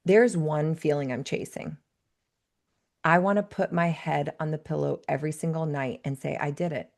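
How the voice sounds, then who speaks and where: In a conversational podcast interview, a thirty-something life coach speaks with a slightly low, gravelly voice at a moderate, steady pace. She is earnest and reflective, telling stories as she talks.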